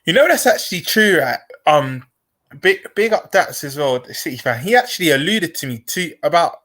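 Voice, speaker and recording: A man co-hosting a casual live stream, chiming in with relaxed agreement and opinions. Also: fairly high pitch, normal speed.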